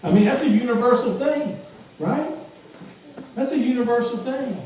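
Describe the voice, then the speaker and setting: A male pastor delivers a sermon with a fairly high voice, repeating his points and asking the congregation rhetorical questions. He sounds distant from the mic. The church around him is very echoey, with a faint hum of room noise. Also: expressive, normal speed, a little mellow. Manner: emphatic, repeats phrases, asks rhetorical questions. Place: church sanctuary. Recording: echoey hall from far off.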